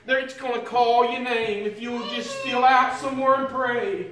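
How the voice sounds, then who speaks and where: A man's voice: very high voice, steady tone, moderate pace, noisy background. An older man preaching a sermon in a church, drawing out his words into a chanted, sing-song delivery that rises into song. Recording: echoey hall, voice from far off.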